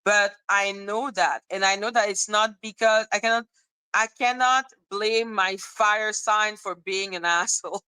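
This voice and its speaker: A woman hosts a casual commentary monologue, blunt and emphatic, and she swears freely. She takes her time, and her words come out unhurried and deliberate. Her voice is bright and crisp, recorded dry and close with no room sound. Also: medium pitch, steady tone, dry recording, rough recording. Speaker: commentary channel host.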